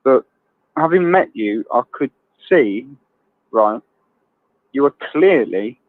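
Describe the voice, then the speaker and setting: This is a man calling in to a live show, talking bluntly and laughing often. His voice is of middling pitch and comes through a tinny phone line with a dry sound. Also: expressive, takes it slowly, pauses often, dry recording. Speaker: caller. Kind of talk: casual chat on a phone line.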